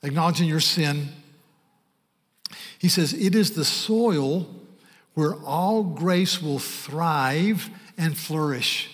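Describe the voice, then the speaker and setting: Male pastor, fairly high voice, earnest emphatic sermon delivery, long hall reverb. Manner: earnest, emphatic preaching with slowed stresses.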